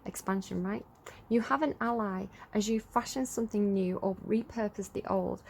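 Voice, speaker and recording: A woman's voice: medium pitch, normal speed, creaky, darkish tone, a little hiss or hum. A woman with an English accent giving a casual, chatty tarot reading, reading out card text and then riffing on it with frequent small laughs. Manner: chatty, giggly, reads card text then riffs freely. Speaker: tarot reader.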